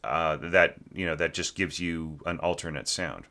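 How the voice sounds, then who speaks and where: Deep-voiced, bright-toned orchestration teacher. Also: male voice, normal speed, creaky. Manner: rambling and conversational, keeps asking "right?"; sings short phrases to show a melody. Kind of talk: score critique lesson.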